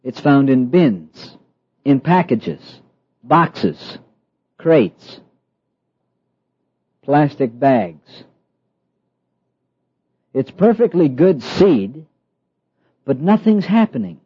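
A middle-aged man preaching a sermon, slow and emphatic, with dramatic pauses and soft asides. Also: a little high, sing-song, breathy edge, dry recording. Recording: dull, lo-fi dry sound.

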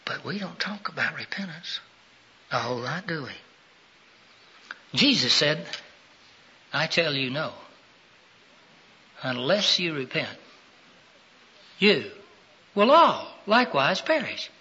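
A middle-aged man preaching a sermon, questioning his listeners and rising to loud, emphatic peaks. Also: on the high side, big pitch swings, slow pace, pauses often, husky. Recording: dull lo-fi sound.

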